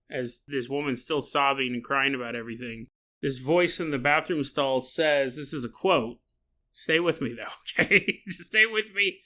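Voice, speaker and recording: A man hosting a solo podcast, telling a strange story in a jokey, animated way, laughing often, with a sore throat. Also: on the high side. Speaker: podcast host.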